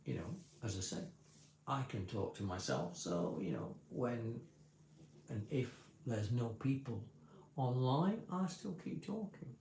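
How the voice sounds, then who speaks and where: A man's voice: mid-range voice, lively intonation, measured pace, creaky, darkish tone, roomy sound, slight background noise. A man vlogger talking casually to a livestream in a rambling, explanatory way, often restarting his sentences. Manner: rambling, self-correcting, explanatory.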